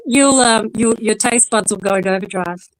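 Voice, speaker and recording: A woman's voice: mid-range voice, normal speed, no room sound, low-quality recording. An Australian woman chatting casually as co-host and explaining things at length. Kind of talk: casual chat.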